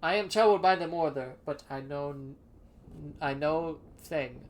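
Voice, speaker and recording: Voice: mid-range voice, a little slow, lightly acted. A streamer reading aloud the lines of a timid, guilty talking tree from a fantasy game, in archaic, formal speech. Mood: wary.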